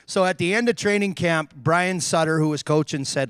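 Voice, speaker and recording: A man with a fairly high voice tells hockey stories with lots of energy, jumping into the voices of the people he quotes. The sound is close and dry, with no room around it. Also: fast talker, few pauses, clean tone, no room sound. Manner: animated anecdotes, acts out quotes. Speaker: retired hockey player telling stories. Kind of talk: storytelling on a live stream.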